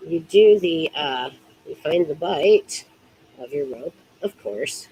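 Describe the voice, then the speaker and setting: A chatty woman walks through rope ties in a loose, hands-on demonstration. She has a lowish voice, giggles often and lets sentences trail off as she works. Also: lively intonation, takes it slowly, warm tone, husky, lo-fi sound. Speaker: rope bondage instructor.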